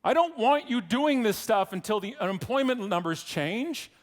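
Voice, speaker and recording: A man giving a conference keynote speech, an irreverent, joking storyteller with rapid, animated asides. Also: very high voice. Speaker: keynote speaker.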